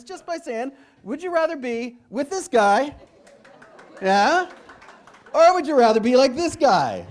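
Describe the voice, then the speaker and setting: A man giving a comedic keynote speech on stage to a live audience, telling a story and acting out dialogue with his doctor. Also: very high-pitched. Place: large hall with a live audience.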